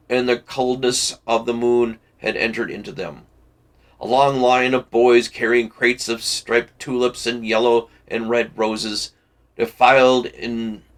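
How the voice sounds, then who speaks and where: A man reading a classic novel aloud for a book club, measured and deliberate with occasional slips. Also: medium pitch, a bit bright.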